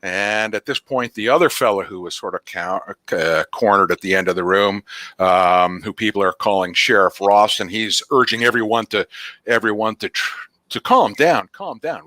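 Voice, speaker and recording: A man's voice: lowish voice, normal speed, pushed and bright, no echo. A man narrating a tabletop game as game master, rambling with fillers and restarts.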